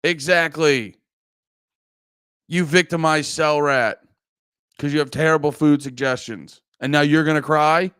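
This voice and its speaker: A man's voice: fairly high pitch, fairly even intonation, measured pace, pauses often, a bit bright, clean tone, no echo, clean studio sound. A man streaming live, chatting casually and brashly teasing his viewers, swearing often. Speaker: livestreamer. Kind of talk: casual livestream chat. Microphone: close desk mic.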